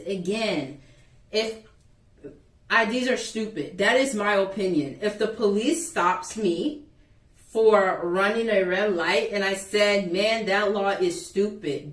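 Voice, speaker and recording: A young woman vlogger animatedly retelling a school story in a casual, exasperated way. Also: mid-range voice. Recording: echoey room, voice a bit far from mic.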